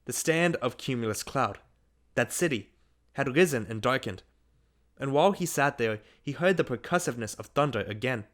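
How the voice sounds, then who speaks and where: A man reading a literary short story aloud as an audiobook narrator, in a measured, unhurried manner. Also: medium pitch, animated, fairly bright tone.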